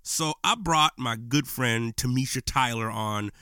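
A man's voice: mid-range voice, measured pace, sharp tone, clean tone, dry recording, clean studio sound. A man hosting his own podcast, talking in an impassioned, preachy and slangy way in a casual monologue. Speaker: podcast host. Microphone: podcast microphone.

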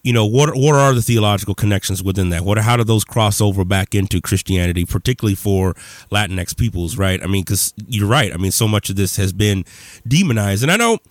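A man hosting a podcast who interviews a friend in a casual, animated way, prodding him with questions and often saying "man". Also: lowish voice, a little fast, dry recording. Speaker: podcast host.

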